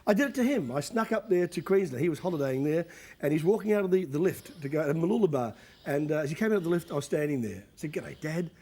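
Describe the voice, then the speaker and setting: A man's voice: fairly high pitch, animated, fast, mellow. A man in his fifties, the guest of honour, telling stories bluntly on a studio stage. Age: 50s. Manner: blunt, emphatic storyteller. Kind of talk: candid conversation on stage.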